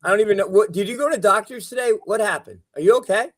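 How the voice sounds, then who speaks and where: A high-voiced man hosts a casual sports chat over a video call. He teases his co-hosts and jokes about himself in a chatty, loose way. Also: fast. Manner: teasing, chatty, self-deprecating. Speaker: show host.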